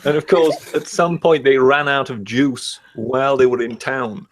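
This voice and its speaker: Mid-voiced man telling a halting tale. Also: mid-range voice, fairly even intonation. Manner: halting, full of "uh"s. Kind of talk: casual chat.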